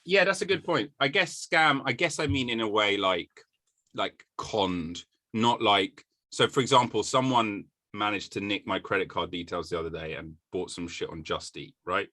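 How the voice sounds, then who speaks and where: Bright, dry-sounding man joking sarcastically. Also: moderate pace, dry recording. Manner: joking, sarcastic, animated pitch jumps. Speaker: podcast host. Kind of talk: casual comedic chat.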